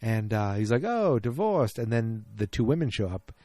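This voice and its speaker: Low, mellow-voiced man rambling through a recap. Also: steady tone, a little fast, no echo. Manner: rambling, self-correcting storyteller. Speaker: podcast host. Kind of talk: casual solo podcast recap.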